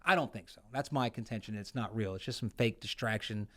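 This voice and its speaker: A man from the United States co-hosting a casual podcast chat, telling stories with lots of swearing and sudden jumps in pitch and loudness. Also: brisk. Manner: profane, animated storytelling with swings in pitch and loudness. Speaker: podcast co-host, veteran.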